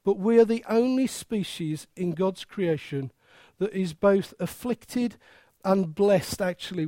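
A preacher in full sermon, emphatic and playful, peppering the talk with rhetorical questions. The delivery is unhurried and deliberate. The voice sits close and dry, with no room around it. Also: medium pitch, warm tone, no room sound.

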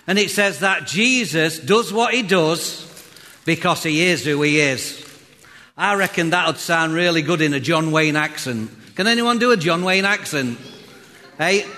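A man's voice: sits high, bright, forceful tone. A man preaching a sermon as pastor, chatty and joking with the congregation. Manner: chatty, jokey, talks straight to the congregation. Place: church hall. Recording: reverberant hall.

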